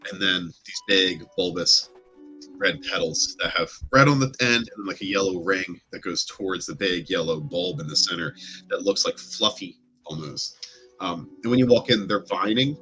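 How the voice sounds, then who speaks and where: A man narrating as game master of a tabletop game, describing scenes loosely with many fillers and pauses. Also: low voice, bright, forceful tone, faint music behind.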